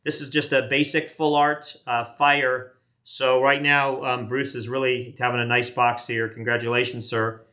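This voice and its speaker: A man's voice: mid-range voice, flat delivery, moderate pace, pushed and bright. A man in his late fifties, chatting casually as he opens trading card packs on a live stream, rambling and self-deprecating. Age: 50s. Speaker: card collector doing a live box break.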